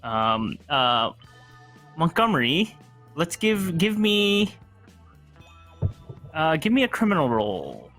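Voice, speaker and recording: A man narrating a tabletop game as game master, halting and full of restarts. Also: on the high side, huge pitch swings, fairly bright tone, soft background music.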